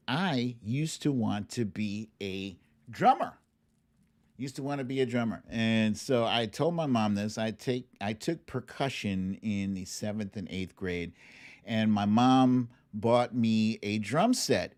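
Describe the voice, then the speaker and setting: A man's voice: mid-range voice, darkish tone. A man hosting a livestream, chatting casually about politics, laughing often and drawling when he mocks something. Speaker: livestream host.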